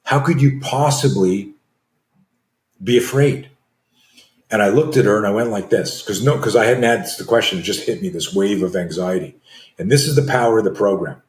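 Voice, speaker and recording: A man in his sixties, a self-defense coach telling a story as a podcast guest, animated and acting out dialogue with frequent restarts. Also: on the low side, fast, roomy sound.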